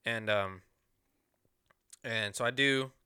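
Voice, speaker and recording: A man's voice: mid-range voice, slow, bright, forceful tone, clear, resonant tone, no echo, clean studio sound. A young man casually retelling a story on a podcast, profane and rambling, acting out what people said.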